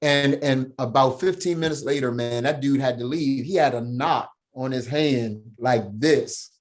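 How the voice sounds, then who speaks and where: A man guesting on a podcast, talking casually in an animated, slangy way and punctuating his points with "right?". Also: mid-range voice, unhurried. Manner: slangy, emphatic, laughs while telling stories. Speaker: podcast guest, founder of a men's program. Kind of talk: animated storytelling, casual talk.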